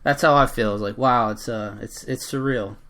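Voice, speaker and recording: A man hosts a podcast and asks his guest relaxed, encouraging questions. His voice sits at a middling pitch and he speaks in an easy conversational way. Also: moderate pace. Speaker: podcast host. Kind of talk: casual interview.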